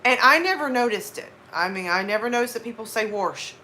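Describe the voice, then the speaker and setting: Southern lady rambling to her chat, kinda high voice, little background hiss. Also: lively intonation, bright, forceful tone. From American South. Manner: chatty, rambling, quick asides to chat. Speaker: livestream host reading chat. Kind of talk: casual chat.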